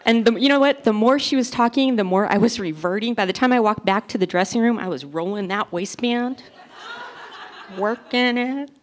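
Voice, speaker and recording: A woman in her forties performing a self-deprecating stand-up comedy routine, telling stories with animated delivery. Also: a little high, normal speed. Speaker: stand-up comic.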